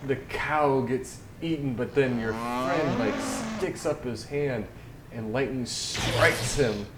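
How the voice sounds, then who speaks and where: A man's voice: mid-range voice, slow. A man narrating as game master in a loose, rambling way, full of fillers. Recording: echoey room with clear background noise.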